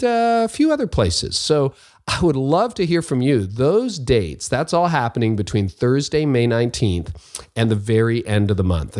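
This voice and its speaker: A man's voice: mid-range voice, a little mellow, no echo, studio quality. Upbeat middle-aged man hosting a podcast. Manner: upbeat, chatty, frequent fillers. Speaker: podcast host. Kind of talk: podcast ad read and interview. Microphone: video call.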